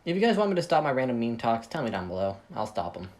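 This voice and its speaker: A man with a medium-pitched, darkish voice reads his own fan story aloud, talking fast and with lots of animation. He rambles, cuts himself off, and cracks jokes, sounding a bit tired. A video game is being played in the background.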